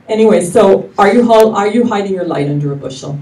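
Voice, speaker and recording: Mellow-voiced woman minister in an echoey hall. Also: medium pitch, normal speed. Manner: effusive, loose and rambling, with frequent restarts. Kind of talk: casual sermon. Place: church hall with live congregation. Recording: echoey hall, mic from far off, faint noise.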